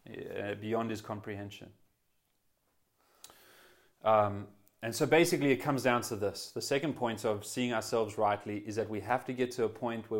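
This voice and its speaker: A man preaching a sermon as pastor, earnest and conversational, often restarting phrases and swinging between loud and hushed emphasis. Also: on the low side. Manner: voice swells then drops to quiet emphasis.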